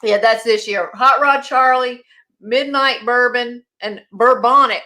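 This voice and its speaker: A woman guest on a casual chat show, telling family stories in an animated way and laughing often. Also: a little high, unhurried.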